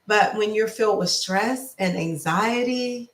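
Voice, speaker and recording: A woman life coach giving a casual motivational talk, slow and repetitive in an affirming way. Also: mid-range voice, echoey room, recorded from a distance. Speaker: lifestyle coach.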